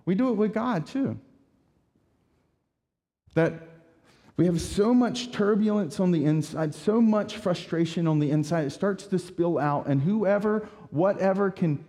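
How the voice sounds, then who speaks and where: A man preaching a sermon as pastor, talking in a conversational, animated way with rhetorical asides. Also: high-pitched, unhurried, in a large hall.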